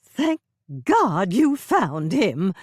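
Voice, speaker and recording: A woman's voice: medium pitch, very animated, very slow, slightly rough, no room sound, clean studio sound, pitched above the performer's own voice, heavily acted. A woman voicing an anxious, fussing older mother who talks in a flustered, pleading way.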